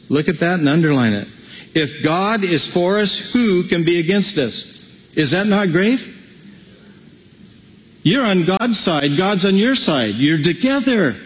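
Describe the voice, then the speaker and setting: A man preaching a sermon as pastor, animated, breaking into playful acted-out asides. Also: high-pitched, in a large hall, poor audio.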